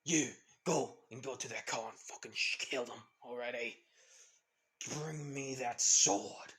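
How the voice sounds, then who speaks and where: A foul-mouthed male thug shouts slow, heavy orders in a bright, loud voice, as a man puts him on. He drags each demand out, a rough henchman in a fan story. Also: medium pitch, lightly acted. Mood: aggressive. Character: swearing male thug hunting a sword.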